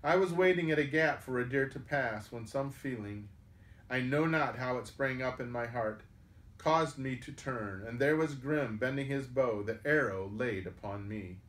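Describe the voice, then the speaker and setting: A man reading an adventure tale aloud at a medium pitch, his voice rising and falling as he moves between narration and characters. The sound is roomy and echoey, as if recorded in a hall. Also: moderate pace. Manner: lively, raises pitch and volume for characters' lines. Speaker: storyteller reading a book aloud. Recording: echoey room.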